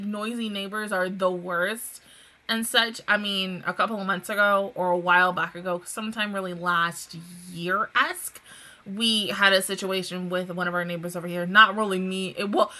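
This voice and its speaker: A woman's voice: mid-range voice, moderate pace, bright, forceful tone. A woman hosting an anime reaction video, chatting casually, gushing and giggling, with slangy asides. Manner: gushing and giggly, breaks into laughter. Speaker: anime reaction channel host.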